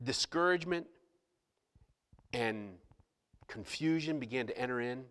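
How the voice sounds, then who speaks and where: A middle-aged male pastor telling a personal story in a sermon, animated and self-mocking. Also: mid-range voice, unhurried. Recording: long hall reverb.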